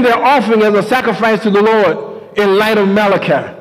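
Man preaching, high voice, emphatic, repeats key lines, long hall reverb. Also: fairly quick. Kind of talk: sermon storytelling.

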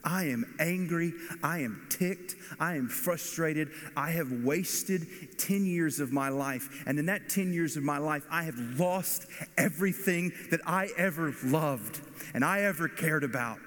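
A man's voice: a little high, a little slow, a bit bright. A man voicing a grieving, bitter older woman in an emphatic lament, heard in a reverberant hall.

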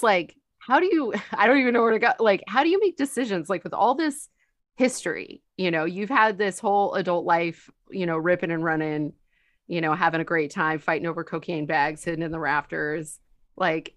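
A woman hosting a casual podcast chat, telling lively stories and laughing often. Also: on the low side, moderate pace, no echo, clean studio sound. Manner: animated storyteller, laughs a lot. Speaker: podcast host.

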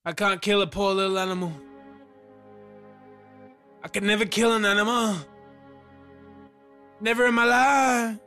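A man streaming live, reacting to videos with loud exclamations, groans and a lot of swearing. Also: high voice, fairly even intonation, a little slow, long pauses, faint music behind.

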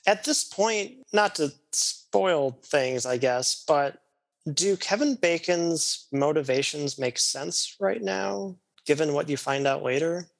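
A man's voice: on the high side, slow pace, vocal fry. A man co-hosting a podcast, chiming in with short reactions, laughs and questions in casual chat. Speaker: podcast co-host.

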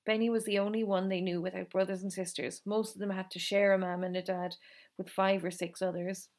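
A woman reading a novel aloud in a calm, steady storytelling manner. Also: mid-range voice, fairly quick. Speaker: reader.

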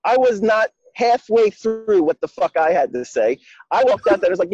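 A man's voice: high-pitched, expressive, brisk, a little mellow, lo-fi sound. A man telling a story in a loose, heavily profane, emphatic way. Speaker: guest speaker. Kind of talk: casual conversation.

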